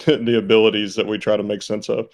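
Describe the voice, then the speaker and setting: A man from Mississippi in casual podcast chat, relaxed and chuckling often. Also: on the low side, fairly quick. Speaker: podcast co-host.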